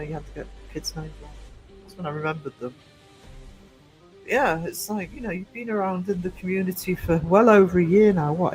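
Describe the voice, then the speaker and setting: Chatty Northeast English man, high voice. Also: rough recording. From England. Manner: chatty and rambling, teasing the chat with frequent fillers. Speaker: livestream host. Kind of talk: casual livestream chat answering viewer comments.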